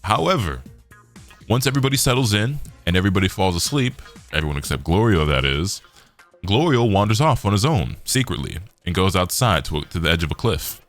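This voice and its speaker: A man's voice: low-pitched, animated, brisk, faint music behind. A young man giving a loose, slangy casual recap as an anime reviewer.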